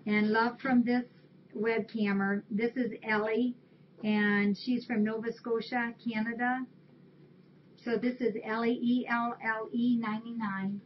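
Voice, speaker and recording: In dull, lo-fi webcam audio carrying a little hiss or hum, a shelter host chats casually while reading viewers' holiday cards and thanking them. Her slightly high voice stays level and unhurried.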